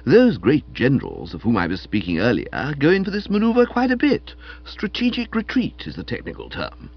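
Animated man narrating a comic novel. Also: medium pitch, normal speed, vocal fry, breathy edge. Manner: animated, wry storytelling, characterful quotes. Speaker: audiobook reader. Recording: dull lo-fi recording.

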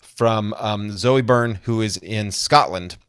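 Guy on a podcast, talks kinda low, laughs a lot and rambles, super dry sound. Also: takes it slowly, fairly bright tone, clear, resonant tone, no echo. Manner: chatty, laughs often, rambling asides. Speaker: podcast guest, comedy songwriter. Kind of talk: casual interview chat.

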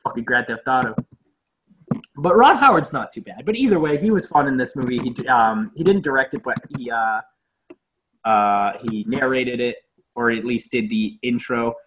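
A man's voice: medium pitch, lively intonation, moderate pace, a bit bright, a little hiss or hum. A young man co-hosting a casual movie podcast, rambling and profane, laughing often. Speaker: podcast co-host. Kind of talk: casual movie review chat. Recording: dull lo-fi audio.

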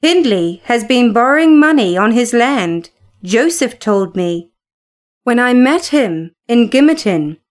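Serious housekeeper, read by a woman, cautious, warning tone, storybook, slow, high voice. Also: big pitch swings.

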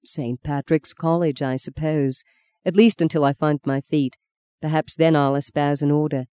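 A woman's voice: low-pitched, fairly even intonation, moderate pace, mellow, clean tone, no room sound, lightly acted. A woman voicing an earnest young man set on becoming a priest, reading him in a heartfelt, pleading way in an audiobook.

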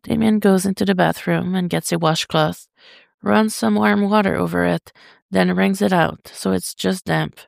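A woman reading fiction aloud as a podfic, in a steady, unhurried way. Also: medium pitch, creaky, no room sound, clean studio sound. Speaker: podfic reader. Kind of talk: slow fiction narration.

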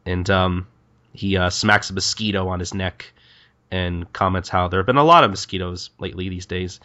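In a laid-back podcast recap of a manga, the co-host keeps slipping in ums and uhs while voicing quick quotes from the scenes. He has a low, steady voice, pushed and bright, heard through muffled audio.

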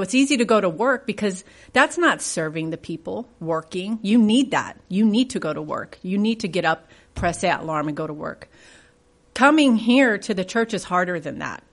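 A woman leading a church Bible study, reading scripture aloud and asking the group questions in a conversational way. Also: mid-range voice. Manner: reads scripture aloud with rising emphasis.

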